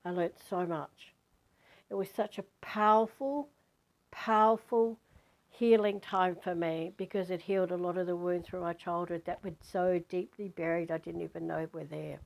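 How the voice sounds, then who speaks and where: Low-voiced woman telling a spiritual story. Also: moderate pace, creaky, few pauses, low-quality recording. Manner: animated, emphatic, repeats words for stress; frank, swears casually. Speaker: spiritual teacher. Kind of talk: personal storytelling vlog.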